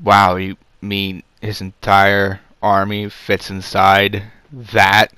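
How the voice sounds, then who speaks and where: Guy rambling thru a movie review, kinda low smooth voice, sarcastic, lots of ums, dry sound. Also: completely flat delivery, takes it slowly, sharp tone, no room sound. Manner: sarcastic, rambling, many fillers. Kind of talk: casual off-the-cuff review.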